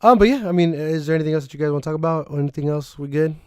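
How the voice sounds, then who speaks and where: A man's voice: fairly high pitch, very fast, smooth, dry recording, studio quality. A man hosting a casual gaming podcast, joking and swearing freely as he talks. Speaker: podcast host. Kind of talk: casual chat.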